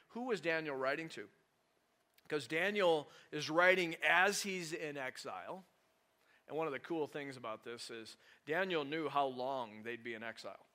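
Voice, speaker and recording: A male pastor preaching a conversational sermon, animated and full of rhetorical questions to the congregation. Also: fairly high pitch.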